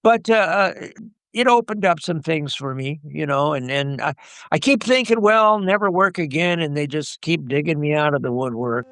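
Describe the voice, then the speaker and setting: A man's voice: fairly high pitch, expressive, normal speed, fairly bright tone, no room sound. An older man, a guest actor, telling rambling stories in a casual interview with many "you know"s and restarts.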